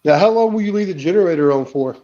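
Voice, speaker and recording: A man with a high but mellow voice tells rambling family stories on a casual livestream. The sound is dull and lo-fi, like a stream over a call. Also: expressive, fast talker. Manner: rambling anecdotes with acted quotes. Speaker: livestream host. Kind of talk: casual storytelling chat.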